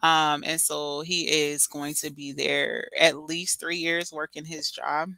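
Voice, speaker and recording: A woman's voice: sits low, level tone, slow pace, creaky, bright, forceful tone, dry recording. A young woman hosting a casual livestream, talking to her chat in a chatty, dramatic way with lots of slang. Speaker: livestream host reading chat.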